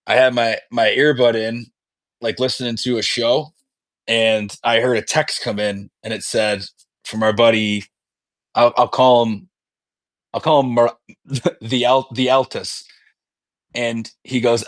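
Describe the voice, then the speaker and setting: A man's voice: medium pitch, steady tone, moderate pace, no room sound. A man co-hosting a casual sports podcast, telling rambling stories full of swearing. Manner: profane, rambling storyteller. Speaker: podcast co-host.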